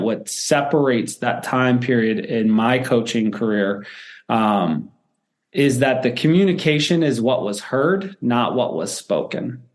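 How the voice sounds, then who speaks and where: Earnest man searching for words. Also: mid-range voice. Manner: earnest, searching, many restarts and "right?". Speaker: guest, former football coach. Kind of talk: reflective podcast interview answers.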